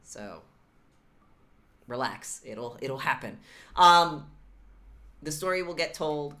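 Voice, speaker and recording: Low-voiced woman running a tabletop game. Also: a bit bright. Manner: rambling, reassuring, full of fillers. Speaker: game master. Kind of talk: narrating and wrapping up a tabletop game stream.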